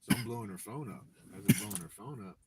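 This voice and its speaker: A man's voice: on the low side, animated, very fast, crowd noise. A man telling a long personal story in casual live-stream chat, rambling with restarts and acted-out quotes. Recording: distant mic with clear background noise.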